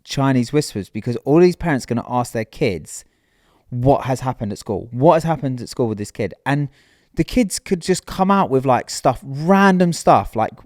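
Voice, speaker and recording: A man co-hosting a podcast, making his points in an emphatic, indignant way. His voice has an average pitch. The recording is dry and close, with no room echo. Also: animated, moderate pace, darkish tone. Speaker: podcast co-host. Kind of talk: casual chat.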